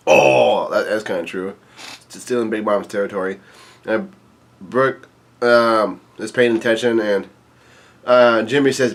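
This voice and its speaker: A man giving a casual, laid-back read-through of a comic chapter, halting with many ums, uhs and restarts. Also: lowish voice. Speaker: YouTube manga reviewer.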